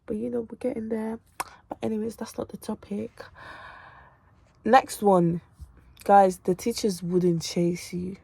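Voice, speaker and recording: A woman's voice: medium pitch, little pitch movement, measured pace, creaky, long pauses, dark tone, breathy edge, no room sound. A young woman, chatting casually to camera from her bedroom, emphatic and repetitive, tired from revision. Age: late teens. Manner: emphatic and repetitive, calls viewers babes and girl. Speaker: student vlogger. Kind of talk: casual direct-to-camera chat.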